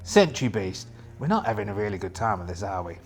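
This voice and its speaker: A chatty man talks through a solo tabletop game, wandering off on jokes and asides. His voice is gravelly and lively, rising and falling a lot. Light music sits softly underneath. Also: fairly low pitch, a little fast. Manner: chatty, rambling, jokey. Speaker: solo game player and host. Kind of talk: casual tabletop game play narration.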